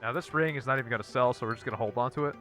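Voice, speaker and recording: A man giving casual gameplay commentary as a channel host, repeating blunt one-word verdicts in a dry, flat way. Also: mid-range voice, racing, soft background music.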